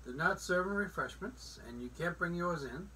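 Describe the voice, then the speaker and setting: A woman co-hosting a podcast in casual chat, blunt and quick to react. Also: lowish voice, animated, sharp tone. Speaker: podcast co-host. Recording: distant mic, faint background noise.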